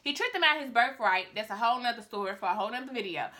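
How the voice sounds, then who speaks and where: A woman vlogger retelling a Bible story in casual, chatty talk aimed at her viewers. Her voice sits high and sounds bright. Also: lively intonation, racing.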